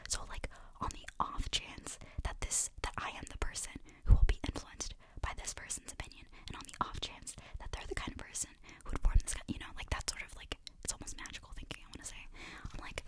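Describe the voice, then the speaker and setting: A young woman in whispered role-play, rambling in a self-deprecating way with many fillers as an ASMR host.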